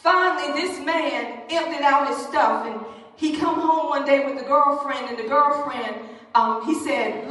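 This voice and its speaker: High-voiced woman preaching in an echoing hall. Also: a little slow. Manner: animated, calls out to the congregation. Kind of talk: sermon storytelling. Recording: echoey hall from far off.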